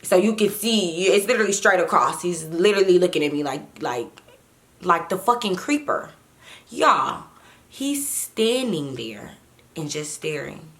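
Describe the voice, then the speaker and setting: A woman vlogger telling a story straight to her viewers in a casual, animated way, with plenty of swearing. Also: lowish voice, unhurried.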